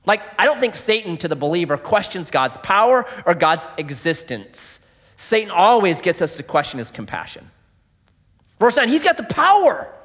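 A man preaching a sermon, telling a story dramatically, dropping to a hush and rising loud. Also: high voice, very animated, normal speed. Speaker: pastor. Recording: long hall reverb.

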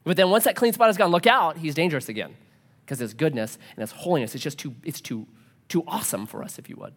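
A male pastor in his thirties delivers a sermon with an animated, swooping delivery. He drops into quick back-and-forth dialogue as he tells a story, with his pitch rising and falling all the way through.

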